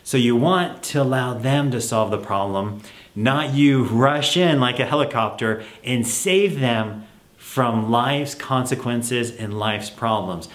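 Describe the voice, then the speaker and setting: A man coaching parents on letting children solve their own problems, relaxed and laughing often as he acts out parent and child talking. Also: medium pitch, slow, reverberant. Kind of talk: advice talk to camera.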